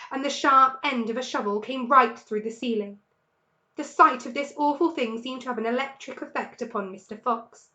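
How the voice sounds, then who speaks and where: A woman with an English accent, a teacher reading a children's storybook aloud in an expressive, lively way. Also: a little high.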